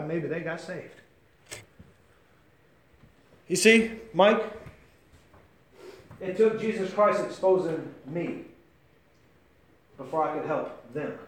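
Impassioned high-voiced male preacher, echoey room. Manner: impassioned, swings between shouting and near-whispering; addresses listeners by name. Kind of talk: sermon.

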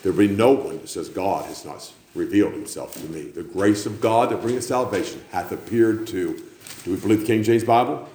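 A man preaching a sermon, building to loud climaxes and then dropping low. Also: normal speed. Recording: echoey room with faint background noise.

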